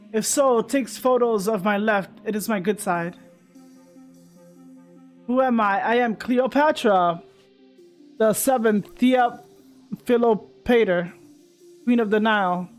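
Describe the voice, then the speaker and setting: Man voicing a haughty ghost queen, grand, high-pitched. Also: slow, pauses often, faint music behind. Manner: grand, self-important speech. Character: vain, haughty female ghost queen of old. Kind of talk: reading game dialogue aloud.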